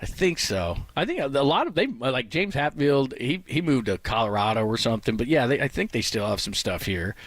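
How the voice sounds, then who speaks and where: A man's voice: mid-range voice, big pitch swings, fairly quick, few pauses, no room sound. Laughing Bay Area sports radio man. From San Francisco Bay Area. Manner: laughs often, reads lists aloud. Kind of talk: casual radio chat.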